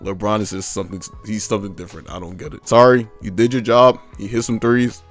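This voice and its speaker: A man's voice: on the low side, little pitch movement, fast, soft background music. A young man giving casual, blunt ranting commentary as a sports fan, exasperated and repetitive.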